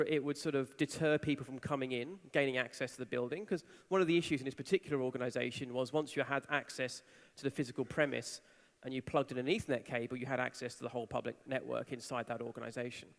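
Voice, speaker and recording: Animated man speaking in a big hall. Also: mid-range voice, fast. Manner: animated storytelling, acts out quoted voices. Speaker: conference speaker. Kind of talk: conference talk. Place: large conference hall. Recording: reverberant hall.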